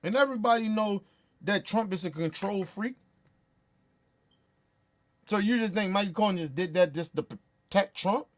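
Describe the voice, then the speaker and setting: A man's voice: sits high, normal speed, long pauses. A man ranting in profane, heated commentary, blunt and repetitive. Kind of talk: profane political rant.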